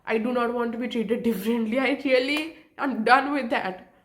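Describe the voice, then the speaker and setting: A woman's voice: on the high side, steady tone, moderate pace. A young woman vlogging about her feelings, emotional and close to tears, apologizing often with nervous laughs. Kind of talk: emotional personal vlog.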